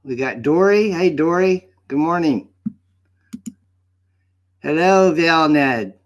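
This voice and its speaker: A man's voice: fairly high pitch, lively intonation, slow pace. A man playing a goofy mustached alter-ego of a livestream host, chatty and rambling in a made-up accent. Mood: hammy cheerful. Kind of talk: hosting an open-mic livestream. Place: home studio set.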